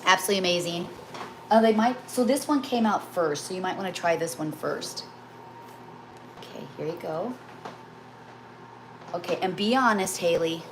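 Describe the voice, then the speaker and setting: A woman's voice: on the low side, normal speed, pauses often, a little hiss or hum. A middle-aged woman chatting casually during a live cooking stream at home, telling a rambling, emotional story. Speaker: cooking livestream host. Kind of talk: casual chat while baking live.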